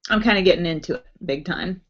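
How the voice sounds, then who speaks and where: A woman's voice: fairly low pitch, fast talker. A young woman chatting casually on a live stream at home, reading out viewer comments and giggling often. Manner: chatty, giggly, reacts brightly to viewer names. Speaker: beauty vlogger hosting a live stream. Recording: muffled, lo-fi webcam audio.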